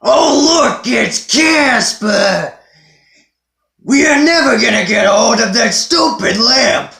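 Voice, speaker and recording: A man voicing an irritable male ghost with a nasal, grating, shouting voice. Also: very high-pitched, animated, slow pace, vocal fry, pitched above the performer's own voice, full character voice. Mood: screeching. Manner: shouting, whining. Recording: roomy echo.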